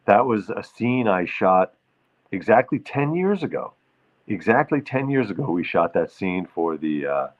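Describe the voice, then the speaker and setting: Male host, relaxed and playful, slow delivery; sings with ukulele on a tinny streamed feed. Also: sits low. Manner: crooning, playful, greets viewers by name. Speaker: livestream show host. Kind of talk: casual livestream chat with ukulele songs. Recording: phone-like streamed audio with faint ukulele.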